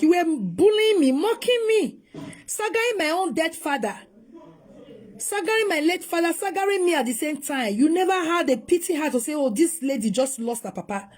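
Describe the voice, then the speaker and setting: A middle-aged woman from Nigeria, with a Nigerian Pidgin English accent, talks straight to her viewers. She is animated and moves between pleading and scolding. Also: fairly high pitch. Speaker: vlogger. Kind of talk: emotional casual monologue.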